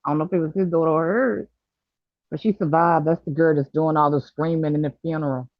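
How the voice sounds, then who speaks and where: Livestream host, casual chat, halting delivery with fillers; dry, muffled lo-fi audio. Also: medium pitch, fairly even intonation, no room sound. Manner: halting, many fillers, somber retelling.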